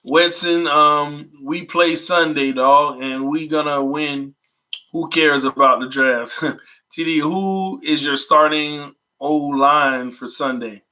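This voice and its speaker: A man hosting a sports fan channel, chatting casually and excitedly with his viewers and reading their comments aloud. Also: a little high, slow pace, low-quality recording. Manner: excited, informal, talks to viewers as y'all. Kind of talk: casual vlog chat reading live comments.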